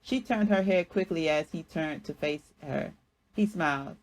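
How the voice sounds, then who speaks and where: A woman artist reading a chapter of her own story aloud in a plain, even way, with small restarts. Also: deep voice, measured pace, poor audio.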